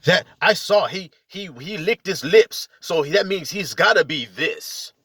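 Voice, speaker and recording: Fiery high-voiced man preaching a profane rant. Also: lively intonation, unhurried, slightly rough, no echo. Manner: preachy, confrontational, profane, with sudden loud shouts. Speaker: religious video commentator. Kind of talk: heated spiritual rant.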